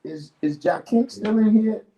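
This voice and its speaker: A man's voice: high-pitched, a little slow, creaky, highs cut off, a little hiss or hum. A man hosting a livestream in casual chat, laid-back and laughing often, trailing into asides. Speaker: livestream host.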